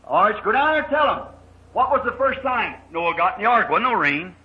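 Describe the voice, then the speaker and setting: A man preaching a sermon in a folksy storytelling manner, acting out the voices in his story with sudden shouted bursts, on a muffled old recording. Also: high voice, sing-song, fairly quick.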